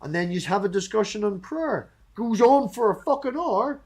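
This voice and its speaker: A man's voice: sits high, expressive, normal speed, hardly any pauses, a little mellow, breathy edge. A man hosting a livestream, chatting casually in a blunt, sweary way. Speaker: stream host.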